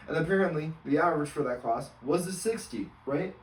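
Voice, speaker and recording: A man's voice: fairly high pitch, animated, fairly quick, hardly any pauses, reverberant, recorded from a distance, a little hiss or hum, poor audio. A man in his twenties, a college student, rambling through an exasperated story with lots of fillers. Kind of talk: casual storytelling rant.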